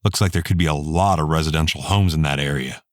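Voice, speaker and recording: A blunt, determined male bodyguard, a former soldier, voiced by a male audiobook narrator. Deep, dry and close. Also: fast talker, dry recording.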